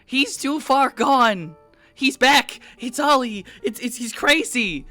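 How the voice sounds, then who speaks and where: Woman doing a panicked shapeshifter spirit, stammering pleas, bright dry sound. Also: high voice, animated, slow pace, dry recording, soft background music, full character voice. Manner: pleading, stammering, frantic. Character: panicked shapeshifting spirit, young man's form.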